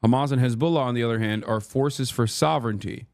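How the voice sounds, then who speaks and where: A man's voice: mid-range voice, fast, darkish tone. A male streamer reacting live, his mid-range voice heated and emphatic. He swears freely and repeats his points with rhetorical questions. The sound is dry and close, with no room echo.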